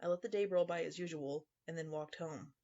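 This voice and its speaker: A man's voice: fairly high pitch, brisk, warm tone, lo-fi sound. Male narrator telling a dry horror story. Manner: dry, sarcastic first-person storytelling.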